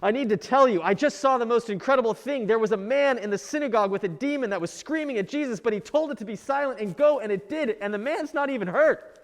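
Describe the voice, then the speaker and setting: A man voicing an excited younger brother, a fisherman, who blurts everything out in one breath. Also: very high-pitched, fast, long reverb tail, pitched above the performer's own voice.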